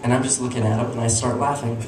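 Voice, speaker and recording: A man performing a stand-up comedy story at a small live show, animated and breaking into squeaky voices for his characters. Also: quick pace. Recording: echoey room, distant mic, noisy.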